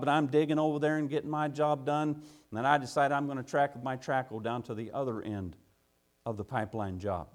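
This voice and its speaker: A man preaching a sermon, telling a folksy work story that builds into loud, urgent preaching. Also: on the high side.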